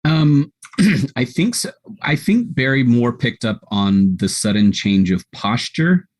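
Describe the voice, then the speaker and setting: A man's voice: medium pitch, expressive, takes it slowly. A man player in a tabletop game, explaining his character thoughtfully and hesitantly.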